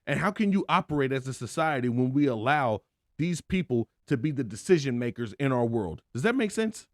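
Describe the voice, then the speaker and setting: A man's voice: medium pitch, very animated, fairly quick, no room sound, studio quality. A man hosting a podcast, giving an opinionated solo monologue in an emphatic, conversational way, full of rhetorical questions. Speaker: podcast host.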